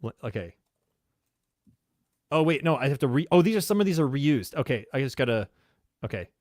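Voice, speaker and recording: A man's voice: mid-range voice, big pitch swings, brisk, darkish tone, dry recording, clean studio sound. A man co-hosting a casual podcast livestream, hesitating with lots of ums and laughing often. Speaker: podcast co-host. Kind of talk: casual livestream chat, word game.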